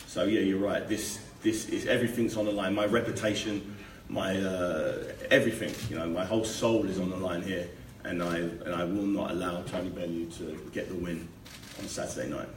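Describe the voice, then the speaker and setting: A man, a boxer at a press conference, answering questions in a measured, determined way, often repeating words as he thinks. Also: sits low, steady tone. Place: hotel conference room. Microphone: room mic, heard from a distance. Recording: echoey room, distant mic, faint noise.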